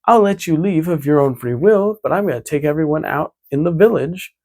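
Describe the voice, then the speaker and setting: A man's voice: a little high, expressive, a little fast, darkish tone, voice pushed up. Cartoon shark-man boss, male, arrogant and menacing, smug, played by a man. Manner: smug, bargaining.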